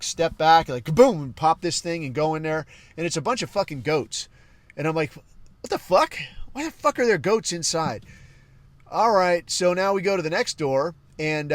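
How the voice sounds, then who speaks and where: A man's voice: on the high side, dry recording. A man casually telling a war story on a podcast, swearing constantly and acting out the voices of the people in it. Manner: profane, animated, acts out quoted voices.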